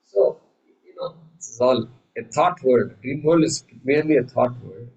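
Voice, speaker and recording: A man teaching a scripture class, lively, asking rhetorical questions and acting out voices. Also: mid-range voice, normal speed, highs cut off. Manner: animated, acts out quoted voices, rhetorical questions. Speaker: Vedanta teacher. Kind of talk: class lecture.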